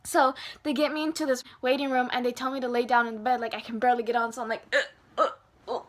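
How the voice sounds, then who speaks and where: Chatty high-voiced young woman telling a story. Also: very fast. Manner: animated, lots of fillers, acts out dialogue. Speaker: vlogger. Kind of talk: casual storytime.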